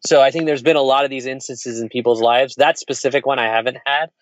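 A man's voice: mid-range voice, steady tone, fast talker, no echo, lo-fi sound. A man who is an entrepreneur tells candid stories in casual conversation, with restarts and quoted dialogue. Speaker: entrepreneur guest.

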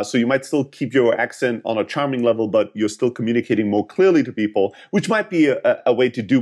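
A man's voice: medium pitch, a little mellow. A man explaining sales advice to startup founders in a podcast interview, talking in long, earnest, winding answers.

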